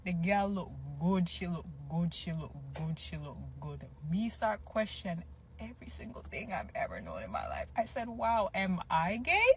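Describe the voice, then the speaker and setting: A woman in a casual confessional video, gushing in an animated, playful way with long drawn-out exclamations. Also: lowish voice, slight background noise. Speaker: woman in a reacted-to clip.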